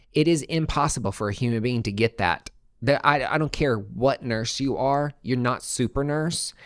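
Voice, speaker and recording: A young man in the host's chair tells his own story in a loose, casual way, dropping swear words and lurching from near-whispers to excited outbursts. His voice sits at an ordinary middle pitch. The sound is close and dry, with almost no room echo. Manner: expressive, swears freely, big swings between hushed and excited. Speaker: podcast host.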